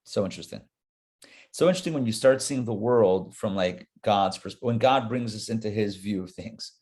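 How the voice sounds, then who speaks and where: A man, a rabbi, teaching a live Torah class in an animated, conversational way, talking straight to his listeners. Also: fairly low pitch, moderate pace.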